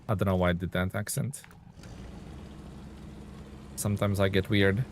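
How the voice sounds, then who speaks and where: A man's voice: deep voice, steady tone, moderate pace, pauses often, slight background noise. A man streaming a truck-driving game live, giving laid-back, chatty commentary and reading viewer chat aloud.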